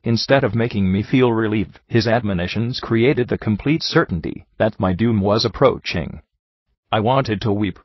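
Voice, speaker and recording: A man narrating a book in a steady, measured reading style. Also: lowish voice, husky, no room sound. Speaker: audiobook narrator. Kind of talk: scripted narration. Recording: slightly muffled lo-fi recording.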